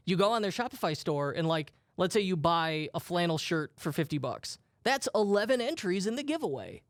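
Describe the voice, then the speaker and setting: A man's voice: sits high, dry recording, clean studio sound. A man co-hosting a podcast, telling stories in a jokey, self-deprecating way. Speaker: podcast co-host. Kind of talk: casual podcast chat.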